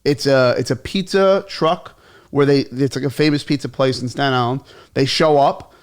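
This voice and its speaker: A man, a comedian, telling stories in a casual chat, animated and quick to laugh, swearing freely. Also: medium pitch, clean tone. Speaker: comedian guest.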